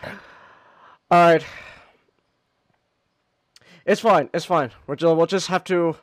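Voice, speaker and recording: A male streamer giving casual, excitable gaming commentary, stammering and exclaiming often. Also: a little high, takes it slowly, no room sound.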